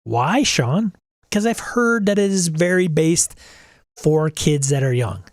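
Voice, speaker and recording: A man's voice: a little high, animated, slow, no room sound. Middle-aged male host, casual and blunt, exasperated rants, dry close sound. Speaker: podcast host. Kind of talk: casual livestream talk.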